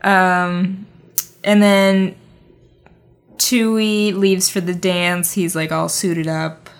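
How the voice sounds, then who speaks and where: A woman's voice: on the low side, level tone, extremely slow. Woman recapping a movie, chatty. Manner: recaps plot with many "like" and "um" fillers. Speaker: podcast co-host. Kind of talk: casual movie recap chat.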